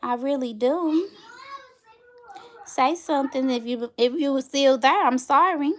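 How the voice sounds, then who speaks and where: A woman in her thirties talks to her viewers on a casual livestream in a fairly high voice. She tells stories with animated, chatty energy, as if catching up with friends. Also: unhurried. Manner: chatty, animated storytelling, addresses viewers directly. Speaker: livestream host.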